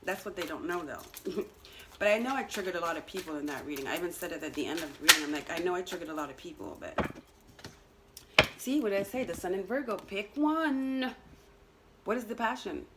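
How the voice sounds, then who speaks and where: A woman's voice: on the low side, expressive, fast talker, sharp tone, a little hiss or hum, rough recording. A woman giving a casual astrology and tarot energy reading, talking straight to her viewers in a chatty, teasing way with lots of fillers and little laughs. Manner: chatty, teasing, full of "you know" fillers, laughs at herself.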